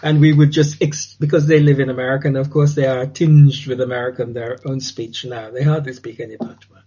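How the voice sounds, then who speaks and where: Older man, husky and reflective. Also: medium pitch, fairly even intonation, dark tone. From Jamaica. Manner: thoughtful, unhurried, with frequent restarts and ums. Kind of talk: reflective oral-history recollection. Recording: dull lo-fi recording.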